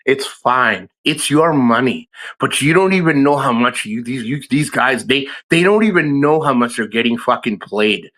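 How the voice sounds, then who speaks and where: A man's voice: mid-range voice, lively intonation, moderate pace, few pauses, fairly bright tone. Heated, cursing man on a livestream. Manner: profane, rambling, heated. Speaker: livestream host. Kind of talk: casual livestream rant.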